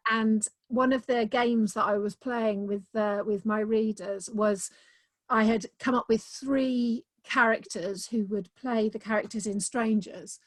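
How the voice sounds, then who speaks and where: Chatty woman author, a little high, dry close sound; casual video-call interview, keen and full of "um"s. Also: steady tone, unhurried, dry recording. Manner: chatty and enthusiastic, many "um"s. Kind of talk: casual conversation.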